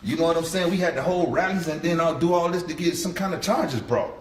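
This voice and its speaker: A man's voice: a little high, fast talker, distant mic. A man speaking as a victim's father in court, blunt, emotional and colloquial. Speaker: victim's father giving an impact statement. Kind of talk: courtroom victim impact statement. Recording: roomy courtroom, mic from afar, faint hiss.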